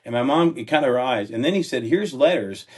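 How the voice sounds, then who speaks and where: Older male guest, earnest storyteller who keeps checking in with the listener, medium-pitched voice. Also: fast. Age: 60s. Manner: earnest, frequently checks in with "right?". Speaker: entrepreneur guest. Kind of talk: personal storytelling in a podcast interview.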